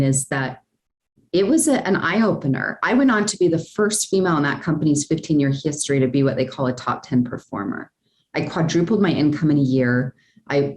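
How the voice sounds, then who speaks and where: A woman guest in a podcast interview, telling a personal story in a lively, chatty way, often tossing in "like" and "right?". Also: sits low, roomy sound. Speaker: guest, speaker and sales coach.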